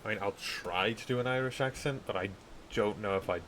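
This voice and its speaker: Very deep-voiced, tired male streamer. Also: a bit bright, a little hiss or hum, rough recording. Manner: slow and measured, stumbling over words. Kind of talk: live game commentary and story reading.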